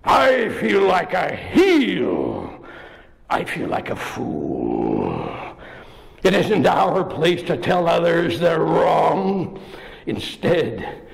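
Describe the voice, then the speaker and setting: Gravelly deep bear voiced by a man, drawn-out delivery, remorseful, storybook. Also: huge pitch swings, full character voice. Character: deep gruff older male bear, remorseful.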